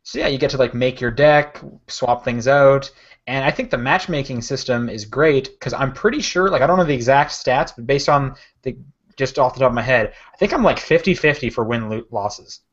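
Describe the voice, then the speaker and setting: A man's voice: mid-range voice, normal speed. A man co-hosting a podcast in casual chat, rambling with lots of fillers and self-corrections. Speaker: podcast co-host. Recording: dull lo-fi podcast audio.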